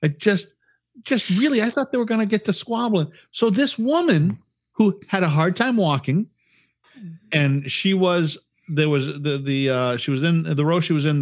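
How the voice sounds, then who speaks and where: Rambling, foul-mouthed man with a raised voice. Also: a little high. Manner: profane, rambling storyteller with restarts. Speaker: podcast co-host. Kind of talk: casual chat.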